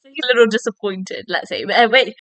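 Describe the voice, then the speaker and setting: A woman's voice: fairly high pitch, fast talker, fairly bright tone, no room sound. A young woman hosting a solo book-review podcast, chatting in a rambling, self-deprecating way with giggly asides. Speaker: podcast host.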